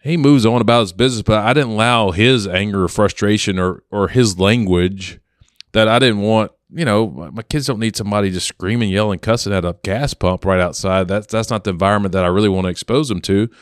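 A man co-hosting a podcast, relaxed and anecdotal, telling a story and acting out what people said. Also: fairly low pitch, fairly quick, no echo, studio quality. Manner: relaxed, anecdotal, acts out quotes. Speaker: podcast co-host. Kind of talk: casual storytelling.

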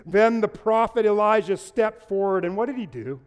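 A man's voice: high voice, animated, normal speed, clear, resonant tone, big-room sound, highs cut off. A man preaching a livestreamed sermon, speaking conversationally, asking his online audience to answer and adding playful asides. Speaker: pastor. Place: large room with no live audience.

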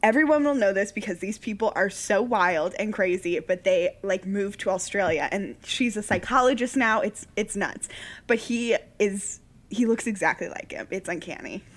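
A young woman co-hosting a podcast in casual chat, animated and gushing, laughing often. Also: medium pitch, normal speed. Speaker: podcast co-host.

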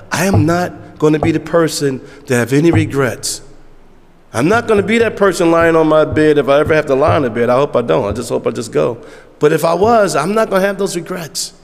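A man preaching a sermon as pastor, emphatic and repetitive, dropping to hushed asides, in southern US vernacular. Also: fairly high pitch. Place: church sanctuary. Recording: long church hall reverb.

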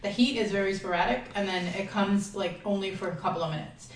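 A woman's voice: mid-range voice, fast talker, distant mic, background noise. A woman hosting a casual chat, talking freely with lots of fillers and frequent laughter. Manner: chatty, laughs often, many fillers. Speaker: host. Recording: roomy, from off-mic.

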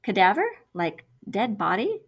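A woman voicing a teasing teenage boy in a storybook, with a slightly lowered, playful delivery. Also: very animated, unhurried, husky, heavily acted.

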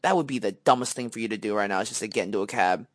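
A man's voice: on the low side, racing, no room sound. Young man, podcast co-host, casual storytelling, acts out quoted voices, dry close sound. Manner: animated storyteller, acts out quoted dialogue, many fillers.

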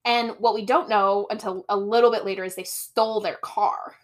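A woman's voice: medium pitch, moderate pace. Young woman animatedly retelling a book plot. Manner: animated storytelling, mimics characters, laughs often. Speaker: podcast co-host. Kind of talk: casual chat comparing book and movie.

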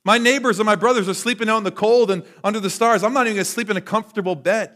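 A man preaching a sermon who voices a loyal male soldier of old, speaking earnestly and quickly. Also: sits high, fairly even intonation, a bit bright, voice pushed up.

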